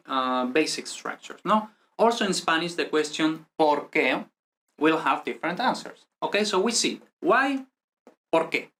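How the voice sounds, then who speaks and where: A man teaching a beginner language lesson in a relaxed, chatty way, often checking in with a quick "no?" as he explains. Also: a little high. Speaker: Spanish teacher.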